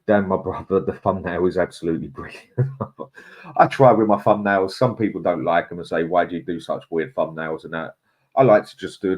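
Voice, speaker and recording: Low-voiced man chatting football. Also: darkish tone. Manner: opinionated, conversational, stumbles over names. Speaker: host of a football fan live stream. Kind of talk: casual live-stream chat reading viewer comments.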